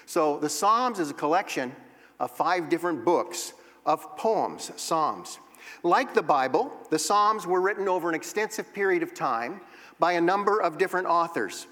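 A man's voice: a little high, lively intonation, normal speed, fairly bright tone. A man teaching a Bible class, explaining poetry step by step and reading verses aloud. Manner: explanatory, reads verses aloud and taps out rhythms. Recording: long reverb of a hall.

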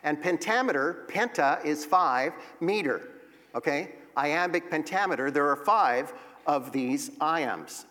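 A man's voice: on the high side, expressive, measured pace, bright, forceful tone. Man teaching in a reverberant hall. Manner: explanatory, reads verses aloud and taps out rhythms. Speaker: Bible teacher. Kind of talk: classroom Bible lesson.

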